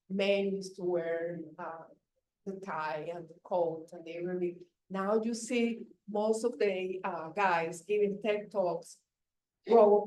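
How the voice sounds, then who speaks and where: A woman giving a live public speaking seminar, coaching in an emphatic way and pausing for emphasis, recorded at a hotel event. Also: medium pitch, darkish tone. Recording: echoey room from far off.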